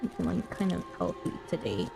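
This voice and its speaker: A woman streamer, not a native English speaker, chatting in a friendly way with viewers and often clearing her throat. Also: fairly low pitch, very animated, a little fast, noisy background. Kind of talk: casual chat with viewers. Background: background music.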